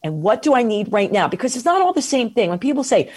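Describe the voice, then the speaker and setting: A woman, a guest on an interview podcast, giving advice on mindfulness in an expressive, animated way, slowing down to stress key points. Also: fairly high pitch. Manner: expressive, animated, slows down for emphasis.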